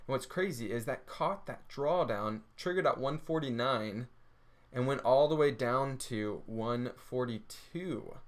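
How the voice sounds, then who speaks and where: An upbeat man with a Texas accent walks through a screen-share trading tutorial. He fires off rhetorical questions and answers them himself in a mid-pitched, everyday voice. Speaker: trading course presenter.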